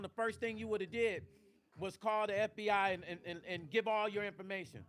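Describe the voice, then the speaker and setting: Tearful high-voiced man talking to viewers. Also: fairly even intonation, a little fast, a bit bright. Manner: tearful, emphatic, addresses viewers directly, swears. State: close to tears. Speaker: vlog host. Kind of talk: emotional live-stream talk to viewers.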